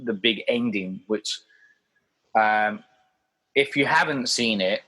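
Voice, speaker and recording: A man's voice: fairly low pitch, takes it slowly, bright, forceful tone. A man co-hosting a casual film podcast, talking in a rambling way with lots of fillers and restarts. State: hiccuping. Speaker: podcast co-host.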